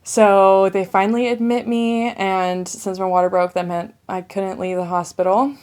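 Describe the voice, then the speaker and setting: A woman's voice: medium pitch, level tone, moderate pace, darkish tone. A young woman casually telling her own birth story to camera, chatty and filled with "like" as she relives a hard labor. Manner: chatty, says "like" often, relives distress.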